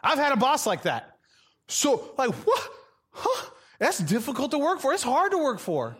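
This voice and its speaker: A man's voice: very high voice, wildly swooping pitch, normal speed, a bit bright. A male preacher giving a humorous, conversational sermon. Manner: jokey, acts out characters, conversational.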